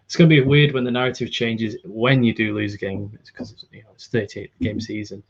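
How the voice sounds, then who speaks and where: A man co-hosting a podcast, giving matter-of-fact football opinions in a measured way. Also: lowish voice, steady tone, dull audio. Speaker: podcast co-host. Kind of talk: casual football chat.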